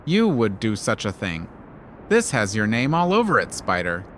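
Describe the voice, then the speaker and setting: Osebo, a man doing a flat angry leopard. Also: lowish voice, normal speed, a little hiss or hum. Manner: flat, clipped, annoyed. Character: angry trapped male leopard, sharp.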